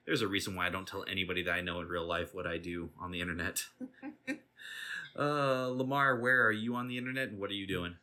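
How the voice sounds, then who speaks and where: A man's voice: low-pitched, fairly even intonation, a little fast, sharp tone. A man hosting a casual podcast chat, teasing his co-hosts and mocking himself. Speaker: podcast host.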